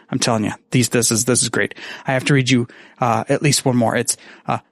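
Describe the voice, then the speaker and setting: A man recording a message for a friend, reading bad puns in a deadpan, self-mocking way and swearing casually. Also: mid-range voice, brisk, no echo, clean studio sound. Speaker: podcaster sending a message. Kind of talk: recorded message, joking monologue.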